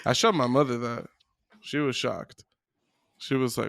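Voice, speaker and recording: A man co-hosting a podcast, chatting in an animated way with lots of "like" fillers and easy laughter. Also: mid-range voice, unhurried, vocal fry, no room sound, clean studio sound. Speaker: podcast co-host. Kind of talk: casual chat.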